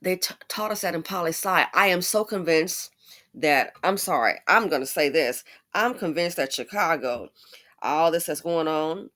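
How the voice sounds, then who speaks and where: A woman with a fairly low voice talks through her commentary in a loose, chatty way. She gets animated in her asides and keeps a conversational tone throughout. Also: normal speed. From United States. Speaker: commentary YouTuber. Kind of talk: casual commentary monologue.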